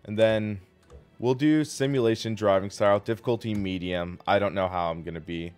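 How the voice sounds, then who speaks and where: A man's voice: lowish voice, moderate pace, a little mellow. A man hosts a live sim racing stream and chats casually while he plays. He rambles and thanks viewers along the way. Faint music plays behind him.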